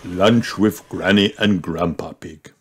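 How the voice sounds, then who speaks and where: A man voicing a jolly father pig in a storybook read-aloud, calm, cheery and playful. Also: low-pitched, takes it slowly, background noise.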